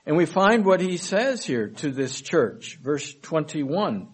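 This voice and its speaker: A man preaching a sermon. He reads scripture verses aloud with emphasis and then explains them in a measured way. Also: a little high, expressive, breathy edge, low-quality recording. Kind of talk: sermon, Bible study reading.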